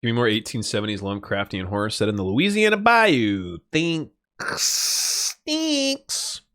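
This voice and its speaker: A man's voice: fairly low pitch, animated, quick pace, fairly bright tone, dry recording, studio quality. A young man streaming a game, rambling and joking with frequent swearing as he plays. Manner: rambling, jokey and profane. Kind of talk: casual gameplay commentary.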